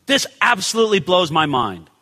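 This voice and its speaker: A man's voice: high voice, a little fast, slightly rough, in a large hall. A male pastor preaching a conversational sermon, asking rhetorical questions and acting out the people in the passage. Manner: animated, acts out the people in the story. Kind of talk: expository sermon.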